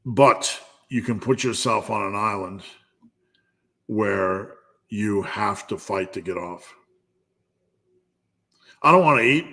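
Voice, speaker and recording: Blunt, slow-talking male fitness host. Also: on the low side, creaky, fairly bright tone. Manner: blunt, profane, pep-talk delivery. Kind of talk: live Q&A motivational talk.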